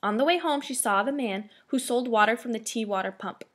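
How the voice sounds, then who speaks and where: A woman reading a children's chapter book aloud as narrator, in a steady, expressive way. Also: on the high side, a little fast. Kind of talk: storybook read-aloud.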